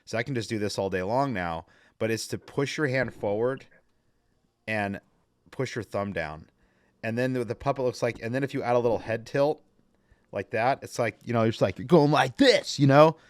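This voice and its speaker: A man's voice: mid-range voice, moderate pace, no echo. A man co-hosting a casual chat about kids ministry, talking in an enthusiastic, conversational way. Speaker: podcast co-host, kids ministry leader.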